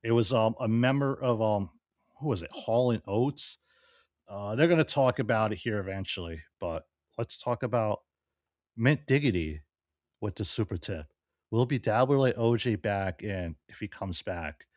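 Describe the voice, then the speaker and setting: A man hosting a show, giving offhand casual commentary between clips and trailing off softly at the ends of lines. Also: fairly low pitch, lively intonation, moderate pace, dry recording, clean studio sound. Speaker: show host narrating over clips.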